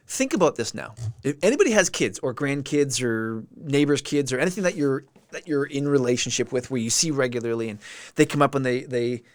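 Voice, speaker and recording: A man's voice: mid-range voice, dry recording. A man hosting a live stream, talking earnestly and emotionally and answering viewer comments as he goes. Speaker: livestream host. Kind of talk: heartfelt livestream talk.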